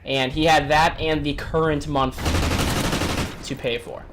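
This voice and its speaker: A man in his twenties telling a story to his viewers in an animated, chatty vlog style. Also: on the high side, unhurried, background noise. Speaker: vlogger.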